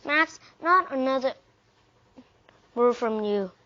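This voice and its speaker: A woman's voice: sits high, expressive, takes it slowly, bright, forceful tone, full character voice. A woman reading aloud, voicing a patient, firm female schoolteacher in a storybook. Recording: dull lo-fi recording.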